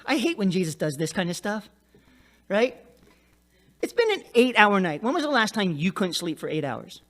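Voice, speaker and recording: A male pastor preaching a sermon, telling the story in an animated, joking way with frequent asides to the listeners. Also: high-pitched, normal speed.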